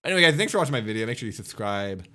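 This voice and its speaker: Bright-voiced man ranting at viewers. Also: on the low side, sing-song, very fast. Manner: exasperated, repetitive, scolding. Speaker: YouTuber and streamer.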